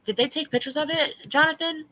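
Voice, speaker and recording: A woman's voice: high voice, brisk, bright, forceful tone, poor audio. Blunt, foul-mouthed woman streamer. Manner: blunt, profane, laughing. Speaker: livestream host. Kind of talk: casual livestream chat.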